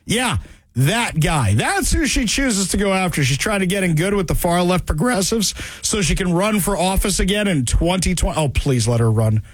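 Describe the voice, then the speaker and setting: Male talk radio host, mocking and sarcastic, high lively voice, husky, dry close sound. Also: moderate pace, no echo. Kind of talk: political talk radio commentary.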